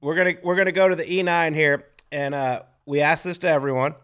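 Brisk, smooth male podcast co-host. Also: on the high side, fairly even intonation, fairly bright tone. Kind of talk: casual podcast chat.

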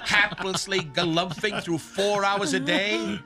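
A man's voice: sits high, steady tone, measured pace. A male radio host delivering a mock-dramatic, snarky roast, chuckling through his lines. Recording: music bed behind.

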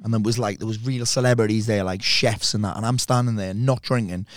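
Brief: male host, quick chatty delivery, dry studio sound. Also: lowish voice, fairly even intonation, dry recording. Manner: quick, chatty, interjects often. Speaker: podcast host. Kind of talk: casual interview chat.

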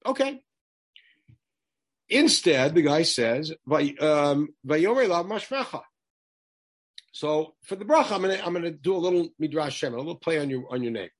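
A man leading a text study class, talking in an animated way and firing off rhetorical questions to his students. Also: fairly high pitch, moderate pace, long pauses. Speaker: teacher.

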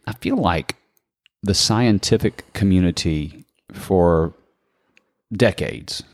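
A man hosting a faith interview, responding in a measured, reflective way. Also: deep voice, dry recording, studio quality. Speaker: host. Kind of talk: interview conversation.

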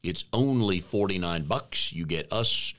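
A man's voice: deep voice, animated, unhurried, fairly bright tone. A man co-hosting a business coaching podcast, chatting casually with an easygoing, jokey manner.

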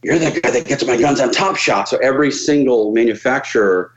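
Fairly quick and medium-pitched, this podcast guest spins casual, profane stories, impersonating the characters as he goes. The sound quality is lo-fi.

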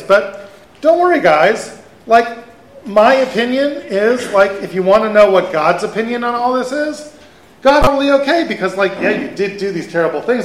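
Rabbi guy teaching a torah class, pretty high voice, chatty, keeps quizzing the crowd. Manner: animated, conversational, asks the audience questions. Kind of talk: live Torah lecture to an audience. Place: event hall with an audience. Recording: echoey hall.

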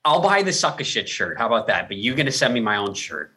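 Man, bright tense tone, slightly husky, defensive podcast co-host. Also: medium pitch, big pitch swings, quick pace. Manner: defensive, laughing protests. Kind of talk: casual podcast banter.

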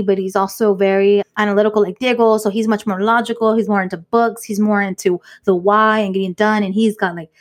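A woman co-hosting a podcast, chatting casually and telling a lively story, slipping Spanish phrases into her English. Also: medium pitch. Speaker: podcast co-host. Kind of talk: casual chat.

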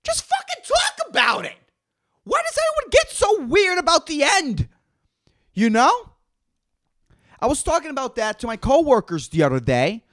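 A man's voice: very high voice, wildly swooping pitch, normal speed, pauses often, fairly bright tone. A young man hosting a casual solo podcast, rambling and swearing emphatically as he rants. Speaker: podcast host.

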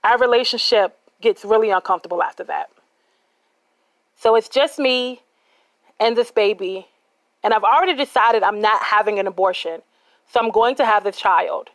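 A woman's voice: medium pitch, normal speed, long pauses, a bit bright, no echo, rough recording. A woman telling a personal true story in a candid, conversational and dramatic manner.

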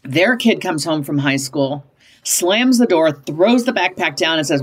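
A woman in her fifties telling parenting stories in an interview, emphatic and animated, often switching into higher voices to act out quoted parents and kids. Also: unhurried, slightly rough. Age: 50s. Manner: emphatic, punctuates points with "okay?". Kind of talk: conversational storytelling in an interview.

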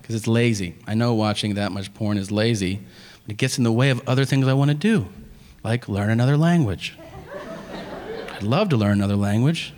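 A man performing a stand-up comedy set, animated and shouting out punchlines, on a club stage. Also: on the low side, fairly quick. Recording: live club with long reverb and audience.

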